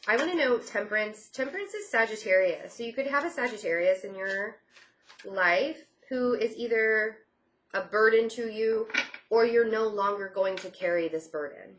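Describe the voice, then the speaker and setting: With a mid-range, fairly bright voice, a tarot reader offers a relaxed, reassuring reading. She repeats herself a lot and leans on "I feel like" fillers, often saying she feels things.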